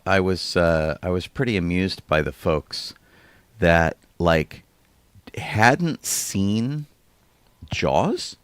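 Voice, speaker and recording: A man's voice: low-pitched, animated, very slow, clear, resonant tone, no room sound. A man co-hosting a podcast, chatting casually and often trailing off mid-sentence. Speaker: podcast co-host. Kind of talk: casual chat.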